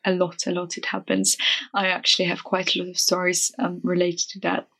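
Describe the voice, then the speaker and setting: A young woman casually retelling a travel mishap for a vlog, chatty and animated, with lots of fillers and restarts. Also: fairly low pitch, brisk, gravelly.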